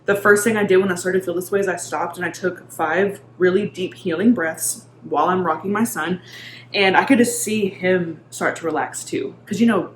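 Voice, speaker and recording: Chatty thirtysomething woman vlogging, lowish voice, echoey room with faint hiss. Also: moderate pace. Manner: chatty, with many fillers. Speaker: mindset coach and vlogger. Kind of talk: casual talk-to-camera vlog.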